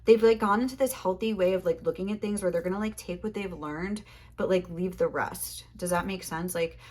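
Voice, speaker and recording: Young woman tarot reader, rambling, lots of "like", slightly low voice, a bit breathless. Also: a little fast, a little mellow. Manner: rambling, heavy use of "like". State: a little out of breath. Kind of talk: casual tarot reading monologue.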